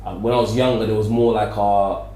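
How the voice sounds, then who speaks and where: A man's voice: on the low side, flat delivery, a little fast, mellow, slight background noise. A middle-aged man from Birmingham with a Birmingham accent mixed with South London, chatting loosely as a podcast guest, full of restarts and fillers. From Birmingham, England. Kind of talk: casual interview chat. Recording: echoey room.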